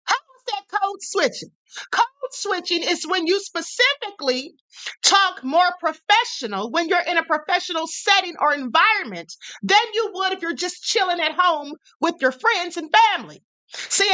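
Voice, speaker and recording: A woman's voice: very high voice, pushed and bright. A woman with a Southern US accent hosting a livestream, giving emphatic, sassy opinion commentary and repeating her points. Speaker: livestream host.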